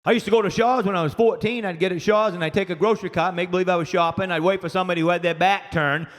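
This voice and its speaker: Maine guy with a maine accent doing crude standup, high voice, club reverb. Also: fairly even intonation, racing. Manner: loud, crude storytelling with acted-out voices. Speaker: stand-up comedian. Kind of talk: stand-up comedy routine. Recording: live club recording with long reverb and faint ambience.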